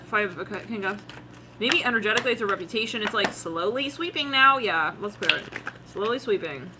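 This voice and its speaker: A woman's voice: medium pitch, sharp tone, slight background noise. A woman doing a tarot reading in a slangy, giggly way, acting out what she senses with lots of "it's like". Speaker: tarot reader.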